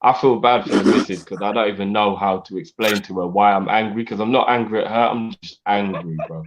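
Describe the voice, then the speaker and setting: A man on a fan panel, talking in a halting, frustrated way and often repeating himself. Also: lowish voice, slight background noise. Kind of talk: casual chat.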